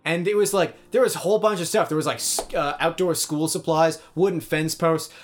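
A young man co-hosting a podcast, telling a story in an animated, jokey way and swearing often. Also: a little high, fairly quick. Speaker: podcast co-host. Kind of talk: casual storytelling chat.

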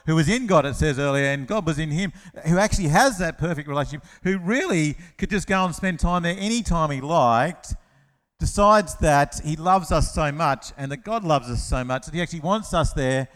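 A man preaching a lively children's-talk sermon, telling the story with playful asides and acted-out voices. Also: a little high, moderate pace. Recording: long hall reverb.

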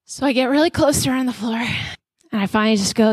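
A woman speaker giving a conversational sermon to mothers at a conference, telling personal stories with animated delivery. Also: fairly high pitch, fast, slightly rough, no room sound. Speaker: mother of young children.

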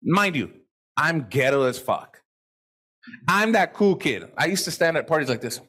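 Animated, swearing motivational speaker man. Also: fairly high pitch, normal speed, breathy edge. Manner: animated, profane, acts out quoted people. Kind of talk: live motivational talk to an audience.

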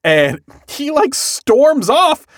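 A man's voice: extremely high pitch, sing-song, drawn-out words, crowd noise. A man hosting a podcast, recapping an anime in casual, profane chat and acting out the characters' lines. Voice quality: bald-headed joker, swears freely. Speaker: podcast host.

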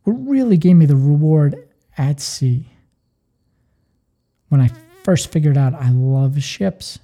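A man hosting a podcast, telling stories and giving earnest, energetic career advice. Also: on the high side, takes it slowly. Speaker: podcast host. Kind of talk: motivational podcast talk.

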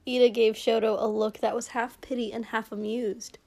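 A woman reading a story aloud as narrator, in a measured storytelling manner. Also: a little high, flat delivery, creaky, a little mellow. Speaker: story reader. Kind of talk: audiobook narration.

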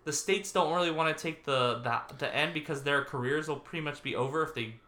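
A man's voice: fairly high pitch, a little fast, sharp tone. A man co-hosting a podcast, chatting casually and rambling with restarts. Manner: rambling, restarts, laughs at own jokes. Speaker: podcast co-host. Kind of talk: casual political chat. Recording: echoey room.

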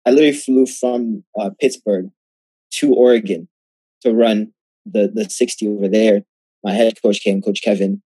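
Young male guest, husky, low voice, lively storyteller, dry sound. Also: no echo. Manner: animated, acts out quoted exchanges. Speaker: guest athlete. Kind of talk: casual storytelling interview.

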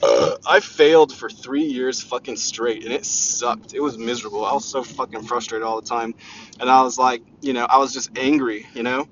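A man's voice: medium pitch, moderate pace, a bit bright, slight background noise. A man hosting a rambling solo motivational podcast, talking in a brash, profane way. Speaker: podcast host. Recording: dull lo-fi recording.

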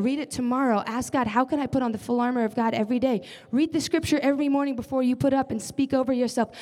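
A young woman with a slightly high voice and a dark tone gives an earnest, conversational sermon as a church leader, often slipping in casual fillers. The recording carries the long reverb of a large hall.

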